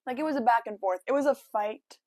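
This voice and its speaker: A woman's voice: on the high side, fairly quick, dark tone, no echo. A young woman chatting casually to camera at home, telling a story with lots of "like" and quoted asides. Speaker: vlogger.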